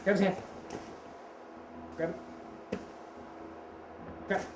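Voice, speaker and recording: A woman teaching a martial arts seminar, talking casually, quizzing the class and correcting herself. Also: slow. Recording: roomy echo with steady background noise.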